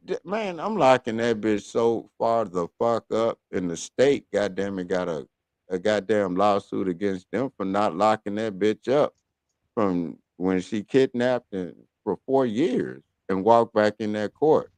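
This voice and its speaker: A man's voice: on the low side, a little mellow, no room sound. A man hosting a talk radio show, ranting in a heated, profane, blunt way about people and his own court case. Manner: heated, cursing, blunt storytelling. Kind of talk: profane casual rant.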